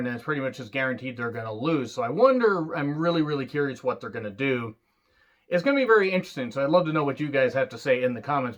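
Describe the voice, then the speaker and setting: A man giving a casual solo wrestling review, excitable and rambling, swearing freely. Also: medium pitch, lo-fi sound.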